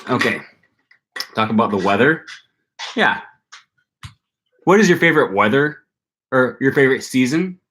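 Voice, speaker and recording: A young adult man from Wisconsin, with the accent to match, hosts a language-learning channel's casual livestream, chatting with viewers and thinking aloud with plenty of ums and likes. His medium-pitched voice has lively intonation and a fairly bright tone. He talks at a moderate pace and pauses often.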